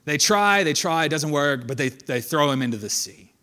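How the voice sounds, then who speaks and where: Animated man preaching a conversational sermon. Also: on the high side, normal speed. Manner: conversational, animated, reads scripture then comments.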